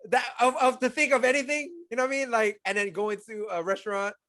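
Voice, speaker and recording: Male co-host, high-pitched voice, laid-back casual movie review chat, slangy and quick to laugh. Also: fairly even intonation, sharp tone. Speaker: podcast co-host.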